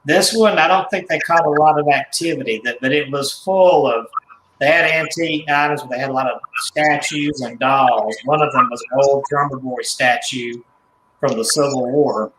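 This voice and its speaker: A man's voice: mid-range voice, moderate pace, echoey room, background noise. A male guest on a radio talk show, explaining things in a hesitant way with many fillers and self-corrections. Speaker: guest, doll collector. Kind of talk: casual interview.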